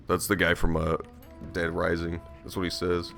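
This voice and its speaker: A man's voice: low-pitched, monotone, moderate pace, creaky, a bit bright, faint music behind. A man giving casual gameplay commentary on a stream, joking and swearing as he reacts aloud to the game. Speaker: let's play streamer.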